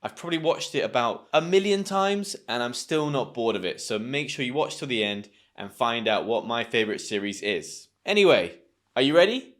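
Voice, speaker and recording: Upbeat British English teacher. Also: male voice, mid-range voice, expressive, normal speed, fairly bright tone. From Britain. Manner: upbeat, chatty, emphatic. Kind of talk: YouTube language lesson.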